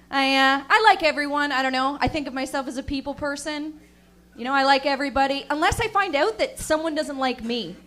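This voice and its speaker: A young woman works through a stand-up set with dry, deadpan asides to the crowd. Her voice sits high, and her delivery stays flat and unhurried. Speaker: stand-up comedian.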